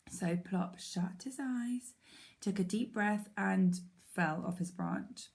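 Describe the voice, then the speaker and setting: A woman teacher reading a children's story aloud in a clear storytelling manner. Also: mid-range voice, takes it slowly, a little mellow.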